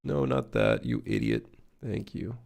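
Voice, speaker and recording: A man streaming his game development, muttering and swearing at the software as he works. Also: a bass voice, wildly swooping pitch, unhurried, creaky, slightly rough. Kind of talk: casual live-stream commentary while working.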